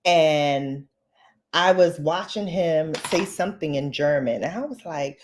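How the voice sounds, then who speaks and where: A woman from the Bronx with a New York accent chats at a relaxed, unhurried pace while she does her makeup. Her voice sits low for a woman, but she often leaps up into high, animated bursts. She talks playfully and directly to her viewers. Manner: chatty, playful, addresses viewers as babes; animated with sudden high pitch jumps. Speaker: beauty vlogger. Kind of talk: casual chat while doing makeup.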